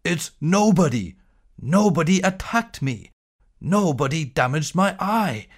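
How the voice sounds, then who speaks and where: A man's voice: on the high side, expressive, takes it slowly, pitched above the performer's own voice. A man voicing a one-eyed male cave monster who bellows in pain and threatens.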